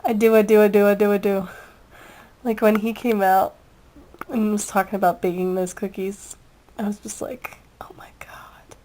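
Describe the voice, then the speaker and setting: A woman's voice: medium pitch, flat delivery, moderate pace, pauses often, mellow, a little hiss or hum, rough recording. A young woman in casual chat, reviewing a video with a giggly, rambling, gushing manner.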